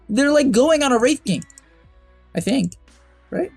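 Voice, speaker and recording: A young man coaching over a game replay in casual, chatty commentary that bursts into exasperated shouts and laughter. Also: very high voice, expressive, unhurried, gravelly, breathy edge, no room sound, soft background music.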